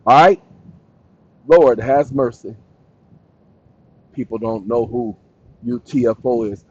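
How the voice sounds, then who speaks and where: A man hosting his own channel who rambles and jokes to himself, then reads long passages aloud slowly and deliberately, speaking the punctuation. He talks. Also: mid-range voice, expressive, no room sound, muffled recording. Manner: slow, deliberate reading with dictated punctuation. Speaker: channel host. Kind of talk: casual solo talk, reading aloud from a screen.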